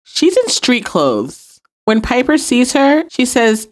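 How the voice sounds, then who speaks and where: A woman's voice: fairly high pitch, takes it slowly. Woman animatedly recapping a TV episode. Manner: animated retelling, acting out quoted lines. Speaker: podcast host.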